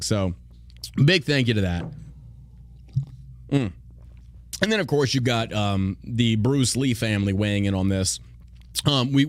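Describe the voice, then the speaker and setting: A man's voice: fairly low pitch, no room sound, studio quality. A man hosting a podcast, talking bluntly and profanely in a mocking, opinionated rant. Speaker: podcast host.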